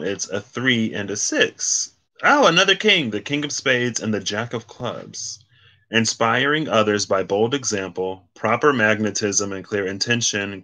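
Brief: man, somewhat low pitch, forceful bright edge, rambling casual card reader. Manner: rambling, self-correcting, reads card meanings aloud. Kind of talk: casual solo card reading.

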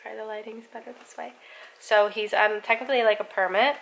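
Creaky-voiced young woman vlogging. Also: a little high, fairly even intonation, quick pace, a bit bright, slight background noise, poor audio. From United States. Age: young adult. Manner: chatty, lots of "like", drops to a near whisper when tasting. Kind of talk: casual vlog chat.

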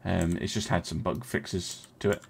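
A young man casually commenting as he streams a strategy game, thinking aloud, chatting with his viewers and filling pauses with many ums and uhs. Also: low-pitched, fairly even intonation, gravelly, slightly rough.

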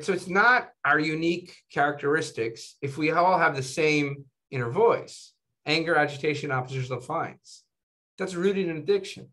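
A man speaking as a physician guest in a casual interview, telling stories animatedly and tagging his sentences with "right?" and "you know". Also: fairly high pitch. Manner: animated storytelling, tags 'right?' and 'you know'.

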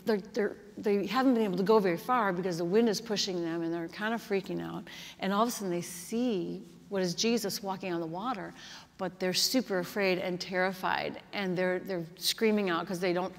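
A woman pastor preaching a sermon in an earnest, conversational way, often saying "like" and "kinda.". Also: mid-range voice. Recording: long hall reverb.

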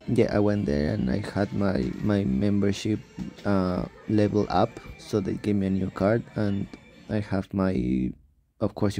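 Young male vlogger, low and mellow, gravelly, sleepy rambling delivery with frequent self-corrections. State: sleepy, just woke up. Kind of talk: casual travel vlog voice-over.

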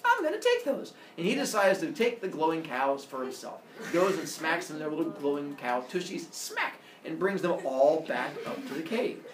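A man's voice: fairly high pitch, animated, moderate pace, few pauses, a crowd in the background. A man retelling a myth in a casual, jokey way, full of sound effects, recorded in a roomy space from a distant mic with faint noise. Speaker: storyteller.

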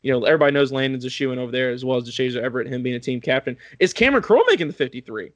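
A man's voice: mid-range voice, animated, no room sound. A man hosting a casual sports podcast, leading the talk and weighing the team's roster. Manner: fast, analytic, leads the talk. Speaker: podcast host.

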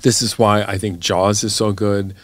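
A man co-hosting a podcast about horror films, chatting in a thoughtful, measured way. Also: lowish voice, steady tone, no room sound. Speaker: podcast co-host. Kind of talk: casual chat.

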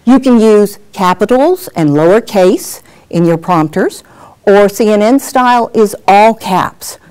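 A middle-aged woman teaching a workshop on presenting on camera, animated and acting out examples as she talks. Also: mid-range voice, clear, resonant tone. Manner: lively, animated, acts out examples. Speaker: on-camera skills coach. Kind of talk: workshop lesson.

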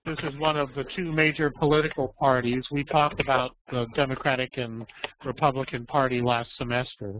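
A man teaching an online English class, explaining patiently and slowly and checking in with questions. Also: medium pitch, flat delivery, a little hiss or hum. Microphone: video call. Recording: tinny phone-like audio.

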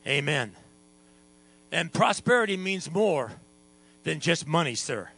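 A man preaching a lively sermon as pastor, sometimes singing and shouting, with a hum behind him. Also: fairly high pitch, takes it slowly, gravelly, husky, poor audio. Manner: animated preaching, sings and shouts at times.

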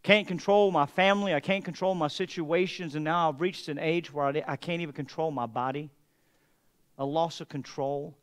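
A man pastor preaching a sermon, moving from hushed, heavy passages to emphatic, mocking asides. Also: fairly high pitch, steady tone, moderate pace.

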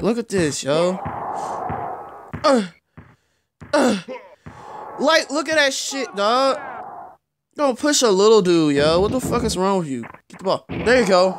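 A young man reacting out loud to a basketball video game, frustrated, swearing and yelling as he plays. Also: sits high, expressive, unhurried, pauses often, noisy background. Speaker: gaming YouTuber. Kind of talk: live gameplay commentary.

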